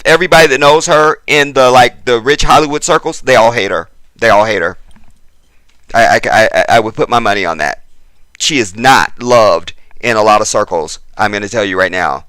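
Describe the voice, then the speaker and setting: Male vlogger, sharp bright voice, lively profane gossip rant, dry close sound. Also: medium pitch, dry recording. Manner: blunt, profane and sarcastic; talks straight to the viewer with pointed questions. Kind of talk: ranting celebrity gossip commentary.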